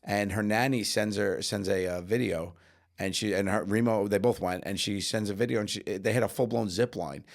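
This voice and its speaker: A man co-hosting a podcast, telling casual stories in an animated way with lots of laughter. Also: lowish voice, moderate pace, gravelly. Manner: animated, laughing, acts out quotes in his stories. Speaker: podcast co-host. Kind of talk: casual storytelling chat.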